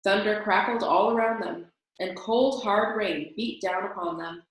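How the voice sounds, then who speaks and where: A woman reading a children's storybook aloud in calm, steady narration. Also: mid-range voice, a little slow. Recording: very echoey room.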